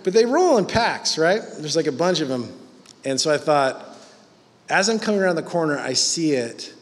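A man's voice: a little high, big pitch swings, normal speed, in a large hall. A man preaching a sermon in a conversational, emphatic way.

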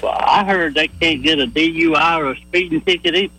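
A man's voice: on the high side, a little fast, pushed and bright. A man calling a radio show, plain-spoken and a little hesitant. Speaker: caller. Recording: phone line with hum.

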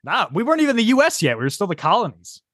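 A man's voice: high voice, huge pitch swings, racing, a bit bright, no room sound, studio quality. A man hosting a casual podcast, quizzing his guests with playful hypotheticals. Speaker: podcast host.

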